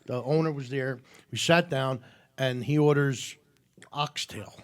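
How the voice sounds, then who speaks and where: A man hosting a casual chat, rambling through an anecdote with halting fillers. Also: mid-range voice, clean tone. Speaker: host.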